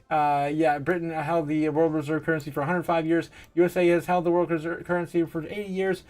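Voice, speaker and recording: Man, livestream host, slightly high-pitched, giggly, rambling, casual chat. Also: level tone, fairly quick, a little mellow. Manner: rambling and giggly, many fillers and laughs. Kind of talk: casual livestream chat, reading out viewer comments.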